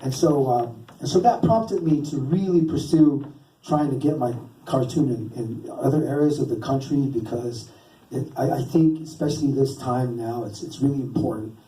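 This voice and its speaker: A man's voice: medium pitch, moderate pace. Rambling man telling stand-up stories. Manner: rambling, self-interrupting, deadpan teasing. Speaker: stand-up comedian and cartoonist. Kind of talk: stand-up storytelling. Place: stage in a venue. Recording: roomy, distant live stage recording.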